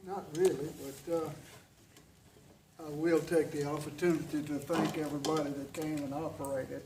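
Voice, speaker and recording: A man's voice: fairly high pitch, level tone, moderate pace. A man speaking up at a club meeting with plain, matter-of-fact remarks. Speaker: club member reporting on an event. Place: meeting room in a building. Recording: roomy and from far off, faint hiss.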